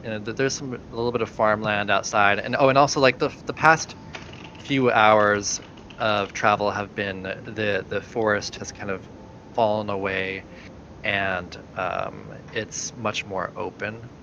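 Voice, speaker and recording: A man's voice: on the low side, fairly even intonation, a little slow, bright, forceful tone. A man narrating a tabletop role-playing game as dungeon master, hesitant, with many fillers and restarts. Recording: dull lo-fi recording with faint noise.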